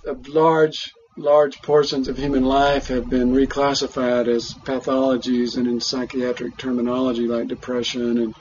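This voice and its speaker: Interviewer, man: measured, halting delivery, muffled lo-fi recording. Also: medium pitch, little pitch movement, darkish tone, a little hiss or hum. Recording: dull lo-fi recording.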